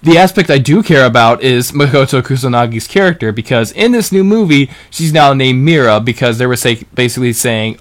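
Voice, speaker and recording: A young man in casual chat as a podcast co-host, rambling and animated, restarting sentences as he retells scenes. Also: medium pitch, fairly quick, few pauses. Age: young adult.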